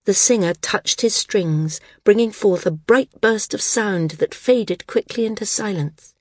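A woman narrating a fantasy audiobook in a measured, descriptive way. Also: medium pitch, dry recording, studio quality. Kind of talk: scripted narration.

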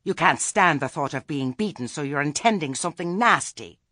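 A man's voice: a little high, lively intonation, moderate pace, sharp tone, no room sound, clean studio sound, pitched above the performer's own voice. A man voicing a prim, bossy woman on a village committee, accusing and officious. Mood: stern, accusing.

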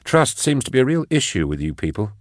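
A man voicing a tense young male rescuer who speaks in a hushed, urgent way. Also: medium pitch, very animated, fast talker, no room sound, studio quality, voice pushed up, natural voice.

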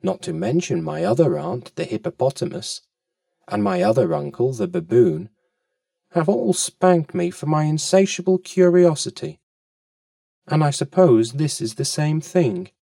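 A man's voice: on the high side, lively intonation, a little slow, vocal fry, warm tone, no echo, clean studio sound, recorded from a distance, full character voice. A man doing a polite little elephant calf. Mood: polite, pleading. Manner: polite and pleading.

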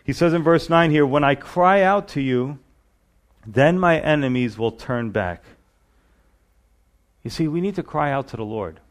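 A man's voice: fairly high pitch, lively intonation, a little slow, pauses often. A man preaching a sermon in an earnest, conversational way, often asking the listeners questions.

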